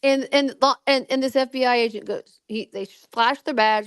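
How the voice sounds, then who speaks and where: A middle-aged woman telling a personal story in casual chat, animated, acting out what people said, with many restarts. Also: a little high, moderate pace, clean tone, dry recording. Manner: animated, acts out quoted voices, many restarts. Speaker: guest recounting a personal experience.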